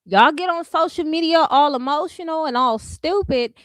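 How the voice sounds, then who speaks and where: Woman host, high voice, sassy and animated commentary, dry close sound. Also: normal speed, no echo. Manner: sassy, animated, laughs often, mimics others in quotes. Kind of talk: casual reaction commentary.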